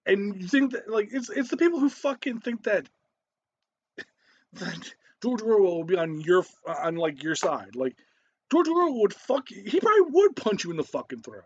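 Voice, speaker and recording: Lively profane ranting man. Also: sits high, normal speed, lo-fi sound. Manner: heavy swearing, ranting, frequent laughs. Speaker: commentator. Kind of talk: profane reaction commentary.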